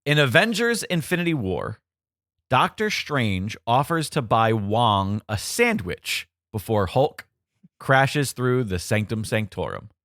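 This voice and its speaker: Male podcast quizmaster, teasing and playful, animated delivery, dry mic. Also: medium pitch, slow, dry recording. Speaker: quiz host. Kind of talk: casual podcast quiz.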